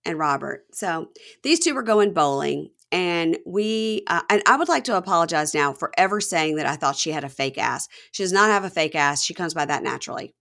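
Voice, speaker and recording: A woman hosts a casual podcast, breaking down reality TV episodes in a chatty, gossipy way. Her voice sits a little low for a woman. She slips into other people's voices when she quotes them. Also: animated, a little fast, gravelly, fairly bright tone. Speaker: podcast host. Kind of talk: casual reality TV recap chat.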